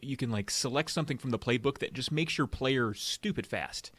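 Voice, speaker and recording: A man's voice: medium pitch, fairly quick, fairly bright tone, no room sound. Easygoing man, dry close sound. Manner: easygoing, laughs often while telling stories. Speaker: podcast co-host. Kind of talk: casual storytelling chat.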